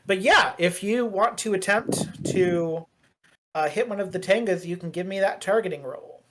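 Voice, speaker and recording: A woman's voice: medium pitch, moderate pace, slight background noise. A woman narrating as game master of a tabletop role-playing game, chatty and meandering, with many fillers and restarts.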